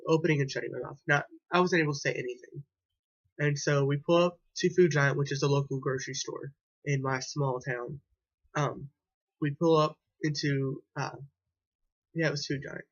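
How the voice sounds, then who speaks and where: A man's voice: on the high side, fairly bright tone, lo-fi sound. A young man telling a personal story to camera in a rambling, hesitant way, often restarting and repeating himself. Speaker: vlogger.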